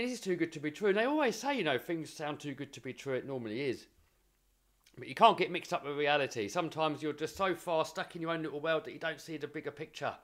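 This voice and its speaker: A man's voice: on the high side, fairly bright tone. Earnest young man telling his story. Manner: earnest, repeats words while building momentum. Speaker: vlogger. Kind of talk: casual motivational storytelling.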